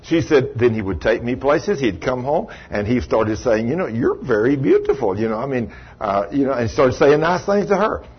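Husky-voiced man preaching a lively sermon. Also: mid-range voice, normal speed, hardly any pauses. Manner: animated storytelling, acting out quoted voices. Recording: dull lo-fi recording.

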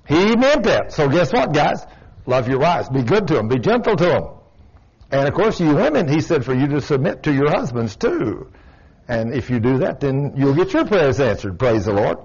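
Folksy preacher, slightly high voice. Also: male voice, breathy edge. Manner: folksy, emphatic, storytelling. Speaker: pastor. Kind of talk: sermon. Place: church. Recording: dull lo-fi church recording.

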